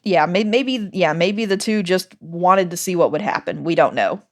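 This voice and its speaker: A woman sits in as podcast host, walking through details in easy, relaxed chat. Her voice sits fairly low, and she breaks into laughter often between explanations. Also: normal speed.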